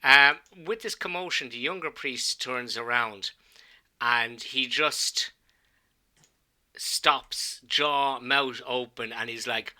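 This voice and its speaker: An Irish man narrates a tabletop adventure as its game master, stopping and restarting often. His voice is very bright and sharp. He sits at an everyday pitch. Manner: halting, full of restarts and fillers.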